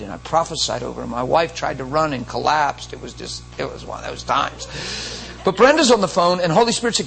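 A man's voice: a little high, gravelly, rough recording. Emphatic, emotional male preacher. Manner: emotional, emphatic, animated storyteller. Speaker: pastor. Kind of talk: sermon with storytelling.

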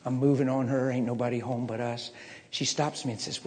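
A middle-aged man preaching a personal testimony, swinging from low muttering to impassioned shouting. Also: little pitch movement, fairly quick, a little hiss or hum. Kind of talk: sermon testimony storytelling. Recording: echoey hall reverb.

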